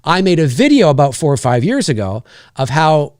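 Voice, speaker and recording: A man's voice: on the high side, very animated, a little fast, a little mellow, dry recording, studio quality. A man with a Canadian accent hosting a live stream, chatting casually and rambling with lots of fillers and restarts.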